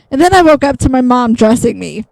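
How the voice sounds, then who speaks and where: Gamer girl rambling a story, kinda raspy fry, dry close sound, swears a lot. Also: a little high, a little mellow, no echo, poor audio. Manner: chatty and blunt, acts out both sides of a dialogue, swears freely. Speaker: gaming channel host. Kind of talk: casual storytelling while gaming.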